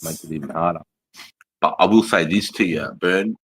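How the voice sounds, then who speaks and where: A man's voice: low voice, moderate pace, a bit bright, a little hiss or hum. An Australian man on a live stream, blunt and jokey, calling people bro and mate. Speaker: guest on a livestream. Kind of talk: casual live-stream chat.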